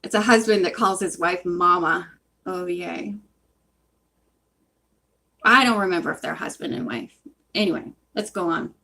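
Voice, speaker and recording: A woman's voice: on the low side, measured pace, gravelly, pauses often, bright, forceful tone, rough recording. A woman reading a book aloud and chatting in between, rambling and interrupting herself, recorded on a phone in a hot room. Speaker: reader.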